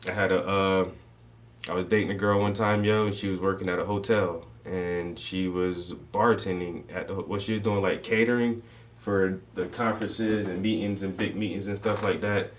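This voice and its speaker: A man with a lowish voice talks loosely in a casual chat, swearing freely and slipping into slang. He sounds a little distant from the microphone. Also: steady tone, moderate pace. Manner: loose, swearing storyteller voicing people in his stories. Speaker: host.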